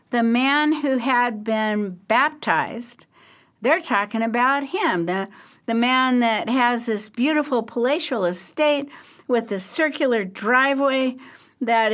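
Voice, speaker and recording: An older woman telling a history story as a lecture, with frequent pauses, fillers and conversational asides. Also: a little high, a bit bright. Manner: slow, halting, with many fillers and asides.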